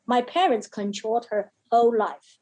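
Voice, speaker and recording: A woman speaking as an interview guest, telling a personal story in halting phrases with many fillers and acting out the lines of the people in it. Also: fairly high pitch, a little mellow, poor audio. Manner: emphatic, acts out quoted speech. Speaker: podcast guest, mental health educator.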